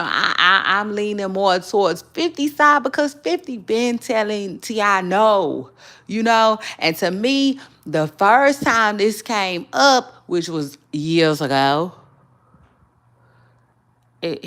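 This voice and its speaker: Chatty gossip host, animated and laughing. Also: female voice, lowish voice, slow pace. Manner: chatty and animated, laughing, with many fillers and restarts. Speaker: gossip vlogger. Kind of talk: casual celebrity gossip commentary.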